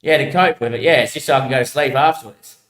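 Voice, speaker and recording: A man's voice: medium pitch, fast talker, fairly bright tone. Rambling man in an echoey room. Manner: meandering, musing, slangy. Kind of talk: rambling monologue.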